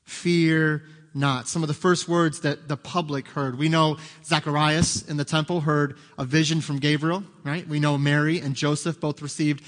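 A man preaching a sermon as pastor, emphatic, swinging from soft, quiet asides to loud, high climaxes. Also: flat delivery, normal speed, hardly any pauses, big-room sound.

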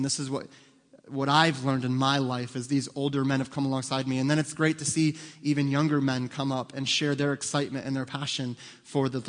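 Pastor in his thirties, casual and joking from the pulpit, mid-pitched voice, long church-hall reverb. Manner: joking, self-deprecating, chatty with fillers. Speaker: senior pastor. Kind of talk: casual sermon talk. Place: church sanctuary.

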